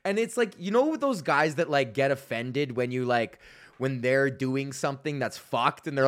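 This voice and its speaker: A man's voice: medium pitch, animated, moderate pace, fairly bright tone. A young man hosting a podcast, ranting casually and angrily with constant swearing. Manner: profane, exasperated, heavy swearing. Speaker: podcast host.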